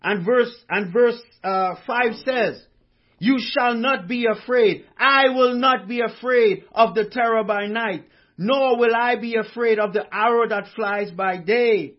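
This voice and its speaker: A man's voice: very high-pitched, unhurried, highs cut off. A male pastor preaching a sermon, fervent and repetitive, stressing each line with conviction. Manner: fervent, repeats lines with conviction.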